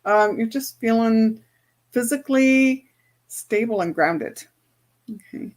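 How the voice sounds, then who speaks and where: Chatty woman coach, bright pitch. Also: expressive, takes it slowly. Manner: chatty, often checks in with "right?". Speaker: spiritual and business coach. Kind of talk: casual teaching to an online group.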